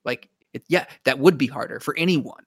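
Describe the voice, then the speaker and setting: Here the same podcast co-host talks through a TV show, his casual, rambling remarks frequently breaking off and starting over. He speaks a little fast in a medium, slightly bright voice with a breathy edge. There's no room sound at all; the audio is dry.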